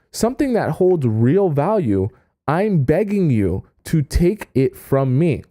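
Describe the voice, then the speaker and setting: A man coaching his viewers on dating in a relaxed, conversational way, stressing his points and checking in with "okay?" as he goes. His voice has a warm, mellow tone. The recording is dry and close. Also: fairly high pitch, no room sound. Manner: emphatic, keeps checking in with "okay?" and "right?". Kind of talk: casual advice talk to an online audience.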